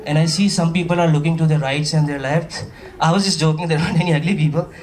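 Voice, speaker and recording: On stage in front of a live crowd, this Pakistani comic, a man with a fairly high voice, runs through his stand-up set at a fast clip. He's animated and chatty, trading lively banter and playful asides with the audience. Faint hiss comes through a somewhat distant live mic.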